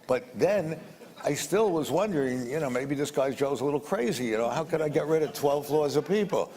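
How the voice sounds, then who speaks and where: A little high and mellow, his fairly quick voice carries lively intonation as an older man shares a business story. He rambles bluntly, repeats words and swears a little, and the audio has roomy reverb plus faint background noise.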